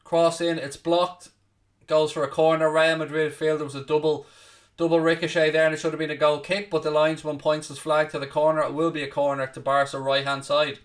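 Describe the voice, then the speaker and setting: A man hosting a live football watchalong, commentating casually, swearing a little, mocking himself, and shouting out loud at big chances. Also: fairly high pitch, flat delivery, brisk, recorded from a distance. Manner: self-deprecating, swears casually. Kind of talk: live match commentary and chat with viewers.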